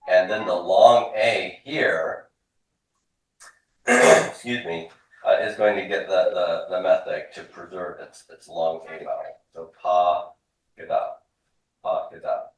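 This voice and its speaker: A man's voice: deep voice, measured pace. A man teaching a classroom lesson, explaining patiently, often repeating words and drilling forms aloud for students to echo. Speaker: Hebrew instructor. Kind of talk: classroom lecture. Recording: echoey classroom from far off.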